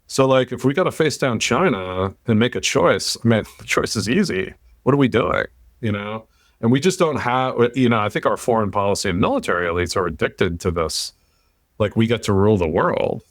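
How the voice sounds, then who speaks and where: A man's voice: lowish voice, a little fast, dry recording, clean studio sound. An American man hosting a podcast, talking in a blunt, opinionated way, swearing now and then. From United States. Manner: blunt, swears, animated rants. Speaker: podcast host. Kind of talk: casual opinionated chat.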